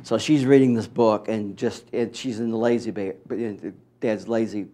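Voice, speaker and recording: A man's voice: fairly low pitch, normal speed. Middle-aged man telling wry stories. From Mississippi. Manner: animated, wry storyteller who acts out quotes. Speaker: author interviewed. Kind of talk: storytelling in an interview.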